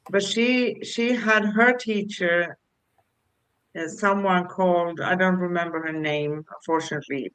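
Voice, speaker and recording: Woman, co-host, slow, bright tone, dry sound, affirming chat. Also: fairly low pitch, clean tone, poor audio. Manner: slow, affirming, asks "right?". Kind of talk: casual spiritual chat.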